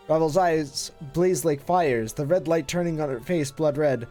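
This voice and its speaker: A streamer reading game text aloud on a live stream, in a low dramatic narrating voice with musing asides. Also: measured pace, warm tone, faint music behind.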